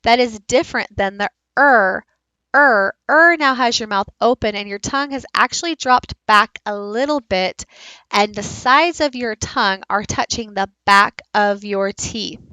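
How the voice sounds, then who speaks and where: A woman giving a recorded teaching presentation, explaining slowly and modelling speech sounds aloud. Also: mid-range voice, bright, forceful tone, smooth, no echo, low-quality recording. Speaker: teacher leading a book study.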